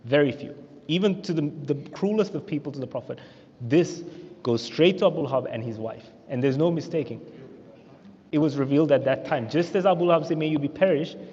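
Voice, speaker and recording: Australian man teaching in an echoey mosque hall. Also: a little high. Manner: animated storyteller acting out quotes. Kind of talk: storytelling religious lesson. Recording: echoey hall, muffled lo-fi sound.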